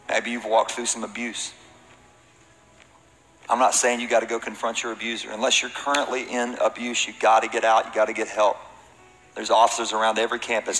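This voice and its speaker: A man's voice: medium pitch, bright, forceful tone. A man pastoring a church, preaching a sermon to his congregation with emphatic, rising peaks. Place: large hall with congregation. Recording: reverberant hall.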